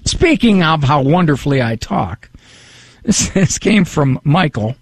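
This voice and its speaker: Gravelly, animated radio talk host. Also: male voice, fairly high pitch, measured pace, dry recording. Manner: chatty, self-deprecating, reads listener emails aloud. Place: radio studio.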